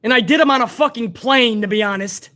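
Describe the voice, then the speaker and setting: A woman's voice: fairly high pitch, fairly quick, sharp tone. A woman hosting a live wrestling review stream, ranting bluntly and heatedly with plenty of profanity. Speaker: wrestling show host.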